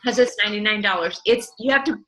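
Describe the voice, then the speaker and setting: Passionate, bright-voiced middle-aged woman. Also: medium pitch, fast, a little hiss or hum, rough recording. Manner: passionate, ranting, animated storytelling. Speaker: network marketing distributor, guest. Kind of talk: enthusiastic motivational interview talk.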